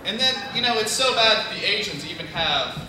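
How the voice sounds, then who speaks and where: A young man doing stand-up comedy, rambling nervously with constant "you know" fillers. His voice sits a little high and comes through from some distance in a very echoey room. A crowd can be heard around him. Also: expressive, a little fast. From Tennessee. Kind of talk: nervous first-time stand-up set. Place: comedy club stage. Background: audience laughing.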